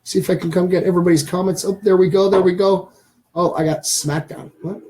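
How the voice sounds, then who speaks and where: A man's voice: high-pitched, fairly even intonation, fairly quick, warm tone. A man in his thirties hosting a casual live stream, rambling and talking straight to his viewers. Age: 30s.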